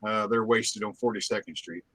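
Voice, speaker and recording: Laid-back, lower-voiced man playing a tabletop game. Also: fairly even intonation, normal speed, a bit bright, dry recording. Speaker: player.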